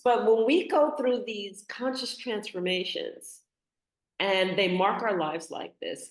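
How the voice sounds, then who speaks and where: A woman's voice: medium pitch, a little slow. Earnest woman host in an echoey room. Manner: earnest, affirming, meditative. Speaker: podcast host. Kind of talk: spiritual podcast conversation.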